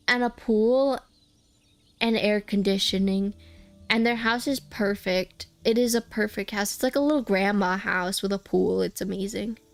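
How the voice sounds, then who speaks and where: A woman's voice: fairly high pitch, clear, resonant tone. A young woman streaming a game, chatting casually and rambling with many restarts. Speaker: VTuber streamer.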